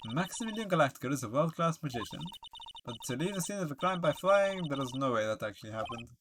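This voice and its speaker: A man's voice: on the high side, very animated, fast talker, noisy background. A man voicing an earnest young male defense lawyer who sounds doubtful, over game music.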